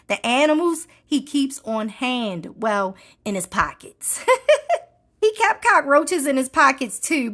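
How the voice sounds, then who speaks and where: A woman's voice: fairly high pitch, a bit bright. A woman hosting a podcast in a casual, chatty way, laughing often and throwing in playful asides. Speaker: podcast host.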